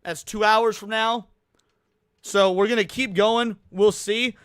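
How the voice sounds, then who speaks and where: A man's voice: sits high, steady tone, takes it slowly, a bit bright, clear, resonant tone, no echo, clean studio sound. A man hosting a live stream, talking casually to his viewers with rambling restarts and fillers. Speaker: livestream host.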